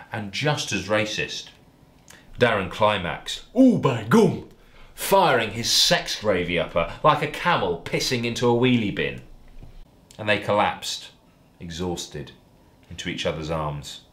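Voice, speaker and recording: A male comedian reading out a parody story in a deadpan, mock-earnest way. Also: fairly low pitch, moderate pace.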